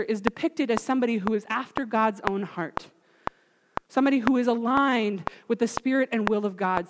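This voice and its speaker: A woman preaching a sermon, retelling a Bible story in a lively way and acting out the quotes, recorded in an echoey hall with background noise. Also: on the high side.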